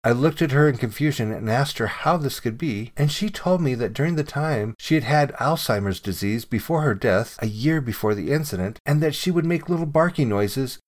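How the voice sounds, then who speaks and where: A man reading a submitted true ghost story aloud in calm, measured narration that drops to a hush at times. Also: medium pitch.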